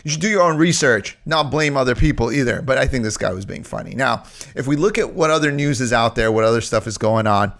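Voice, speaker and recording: A man's voice: medium pitch, animated, fast talker, fairly bright tone. A man giving casual crypto stock commentary, brash and emphatic, often repeating phrases for emphasis. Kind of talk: casual market commentary video.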